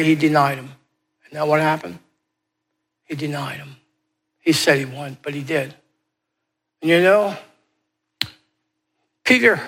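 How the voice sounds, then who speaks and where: Man, preacher, sermon, slightly high voice, emphatic, repeats key phrases. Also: gravelly, fairly bright tone.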